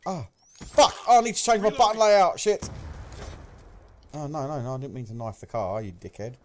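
A young man commentating live gameplay, swearing often and yelling at kills and deaths, with a slight cough. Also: a little high, normal speed. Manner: excitable, swears a lot, shouts at game events. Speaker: gaming commentator.

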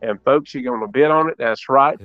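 A man's voice: mid-range voice, brisk. A man running a live online auction, folksy and repetitive, hyping each item and urging bids. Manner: repetitive, folksy hype, says y'all. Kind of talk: live auction sales pitch. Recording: dull lo-fi audio with faint music.

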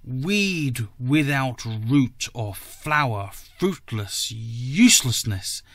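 A man voicing a frightened nobleman who speaks in a hoarse, shaken voice in a story reading. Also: mid-range voice, big pitch swings, slow pace, a bit bright, no room sound. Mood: desperate. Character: frightened young nobleman, trembling.

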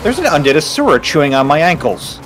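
A man's voice: a little high, sing-song, fast, a bit bright, a little hiss or hum, rough recording. A man chatting casually and joking with dry teasing while playing a game, with game music behind him. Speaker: game player. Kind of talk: casual gameplay chat.

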